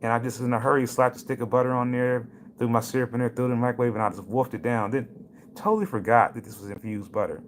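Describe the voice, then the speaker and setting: A man's voice: medium pitch, steady tone, fast, a little hiss or hum. A man hosting a casual cannabis livestream. He tells stories and greets viewers by name in a chatty way. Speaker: livestream host. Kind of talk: casual live-stream talk.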